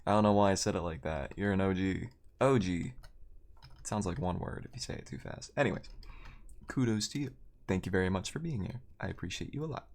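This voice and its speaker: A man in casual live-stream chat, talking to his viewers as he plays. He rambles and makes fun of himself, in a voice that sits a little low. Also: fairly quick, vocal fry, darkish tone. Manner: rambling, self-deprecating, chatty with viewers.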